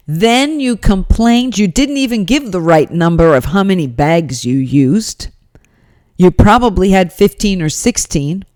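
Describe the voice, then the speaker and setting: A woman hosting a podcast, recounting a story with emphatic exasperation. Her voice sits low and mellow in a dry, close recording. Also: expressive, a little slow, no echo. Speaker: podcast host. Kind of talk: storytelling monologue.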